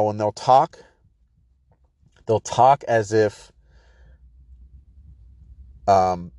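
A man's voice: lowish voice, a little mellow, dry recording, clean studio sound. Profane, rambling male podcast host. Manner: profane, rambling, heavy use of filler words like "bro". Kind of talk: casual political rant.

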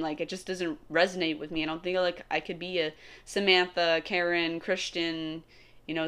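Young woman, lowish voice, chatty vlog delivery with frequent laughs and asides. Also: fairly bright tone, clean tone. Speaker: vlogger. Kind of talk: casual monologue.

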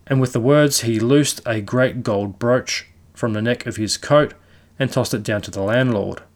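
In a mid-range voice, a man reads a classic ghost story aloud with a measured, storytelling delivery.

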